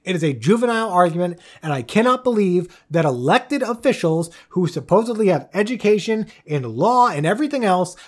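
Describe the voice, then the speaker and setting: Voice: medium pitch, very animated, a little fast, hardly any pauses. Us podcast host going off on a solo rant, heated, swearing, tripping over restarts. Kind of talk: solo political commentary rant.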